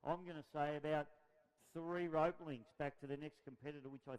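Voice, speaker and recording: A man giving energetic live play-by-play commentary on a water-ski race. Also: fairly high pitch, a little fast, smooth, poor audio.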